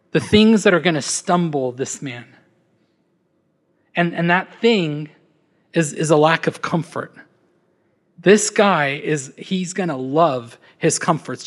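A man with a high voice preaching a casual, conversational sermon. He stumbles over and repeats small words as he talks. He dramatizes quoted speech, speeding up and slowing down. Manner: acts out quoted speech with shifts in pace.

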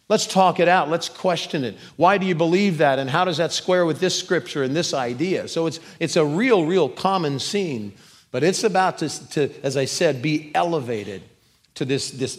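A man's voice: on the high side, long reverb tail. Earnest emphatic male preacher. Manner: earnest, emphatic, repeats words when building a point. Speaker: pastor. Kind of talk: sermon.

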